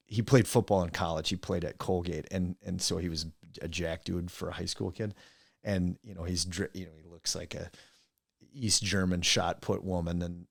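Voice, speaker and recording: A man's voice: low voice, no echo, studio quality. A middle-aged man from Wisconsin, a coach and teacher, telling rambling stories as a guest in a casual podcast interview. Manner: rambling, animated storyteller who mimics friends.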